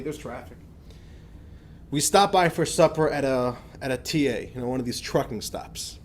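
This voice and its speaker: A man, a rabbi, tells a personal anecdote to a class in a lively, conversational way, restarting phrases as he goes. His voice sits at an ordinary pitch for a man. A faint low rumble runs under the recording. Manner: animated anecdotal storytelling with many restarts. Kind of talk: storytelling lecture.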